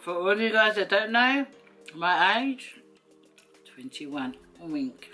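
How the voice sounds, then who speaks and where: Speaking at a medium pitch with a sharp tone, a Samoan-accented woman eats on camera and keeps up a playful chat, teasing what she's eating and giggling along the way. It's a casual mukbang vlog.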